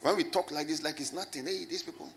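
A man preaching a lively sermon as a pastor, swinging from loud shouts to low asides and calling on the congregation to answer. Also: quick pace, vocal fry, crowd noise. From Ghana. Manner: animated, rising to shouts and dropping low, with call and response.

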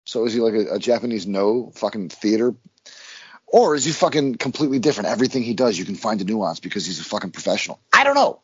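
Swearing rambling podcast guy, husky voice, dry dull lo-fi mic. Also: medium pitch, no echo. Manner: profane, animated, rambling. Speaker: podcast co-host. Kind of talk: casual movie review chat.

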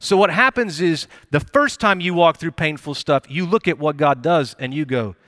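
A young man delivers a conversational sermon with lively, playful asides. His voice sits a little high for a man, and the sound is close and dry with almost no room echo. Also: normal speed, few pauses. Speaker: pastor. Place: church auditorium.

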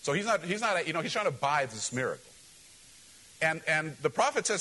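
A pastor preaching a sermon to his church, animated and direct, acting out quoted voices and calling questions to the congregation. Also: fairly high pitch, fairly quick, poor audio.

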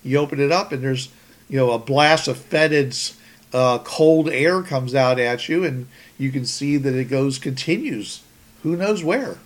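Male podcast host, mid-pitched, easygoing rambling delivery. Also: unhurried. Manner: rambling, many restarts and "you know"s. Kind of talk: casual podcast chat.

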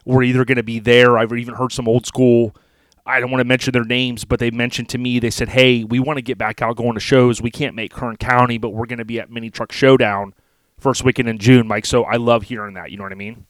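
A man's voice: mid-range voice, flat delivery, brisk, no room sound. Laid-back man, dry close mic. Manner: laid-back, rambling, folksy. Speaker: podcast co-host. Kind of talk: casual podcast chat.

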